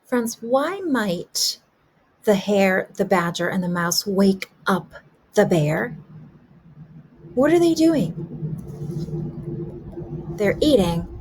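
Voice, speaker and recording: A woman kindergarten teacher asking young children gentle questions about a story in a remote lesson. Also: mid-range voice, animated, slow, breathy edge.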